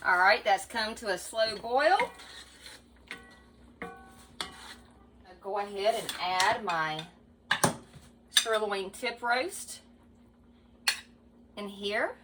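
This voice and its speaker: A woman's voice: medium pitch, background noise. A woman with a Southern US accent, chatting casually to viewers while she cooks in her home kitchen. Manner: chatty, folksy, talks to viewers as y'all. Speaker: home cook. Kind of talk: casual cooking vlog narration.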